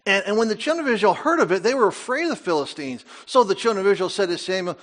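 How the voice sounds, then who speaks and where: An older man preaches with a fairly high voice. His delivery is animated, full of rhetorical questions and asides. He sounds like a pastor addressing his congregation. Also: quick pace, few pauses. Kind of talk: sermon.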